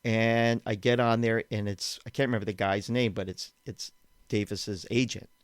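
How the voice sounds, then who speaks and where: A man telling a story as a podcast guest, animated and laughing often, repeating words as he goes. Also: lowish voice, moderate pace, smooth, dry recording. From Western Massachusetts, USA. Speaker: guest, documentary filmmaker. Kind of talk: casual anecdote telling in a podcast interview.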